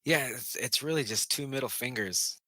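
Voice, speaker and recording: A man chimes in on a casual podcast with short, wry one-liners. His voice is sharp and bright and sits at a middling pitch, and the recording is dry and close. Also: moderate pace, dry recording. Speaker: podcast co-host. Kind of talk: casual chat.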